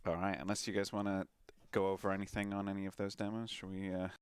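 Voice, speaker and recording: A man's voice: low voice, level tone, fast, clear, resonant tone, no echo, studio quality. A man co-commentating a game tournament in a chatty, easygoing way, laughing often, over a noisy voice chat recording. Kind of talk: casual live commentary.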